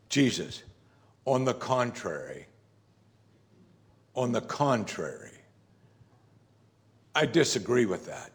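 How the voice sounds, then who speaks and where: A man's voice: medium pitch, sing-song, slow, pauses often. Conversational preaching man. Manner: conversational preaching, rhetorical questions, quotes scripture in character. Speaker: pastor. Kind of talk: sermon.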